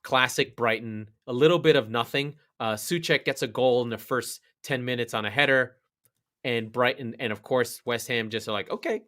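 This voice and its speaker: A man's voice: medium pitch, moderate pace. A man co-hosting a casual football podcast, swearing freely and laughing as he talks through match results. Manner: animated, laughing, swears a lot, acts out quotes. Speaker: podcast co-host. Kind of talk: casual sports podcast chat.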